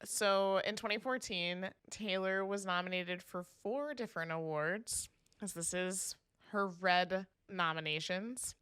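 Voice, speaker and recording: A young woman co-hosting a podcast in casual chat, eager and reacting quickly. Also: fairly low pitch, pushed and bright, clear, resonant tone, no room sound, studio quality. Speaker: podcast co-host.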